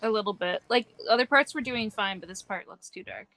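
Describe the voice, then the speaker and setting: A woman's voice: medium pitch, brisk, sharp tone, no room sound. A woman co-hosting a casual livestream, cracking crude, teasing jokes. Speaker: livestream co-host. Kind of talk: casual group chat.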